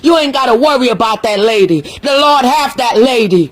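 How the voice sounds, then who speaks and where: A woman's voice: on the high side, expressive, moderate pace. Woman, livestream rant, heated, cursing, scolding. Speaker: social media commentator.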